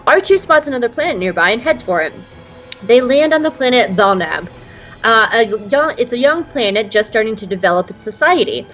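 A woman's voice: on the high side, animated, fairly quick, fairly bright tone, muffled recording, soft background music. A woman with a Southern US accent, casually recapping a show as a podcast co-host with jokes and funny voices. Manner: chatty, jokey, tries funny voices.

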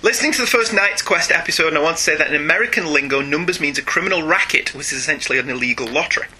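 A man's voice: a little high, rapid-fire, sharp tone, slightly rough, low-quality recording. A British man hosting a podcast in casual, jokey chat, laughing often. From Britain. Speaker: podcast host.

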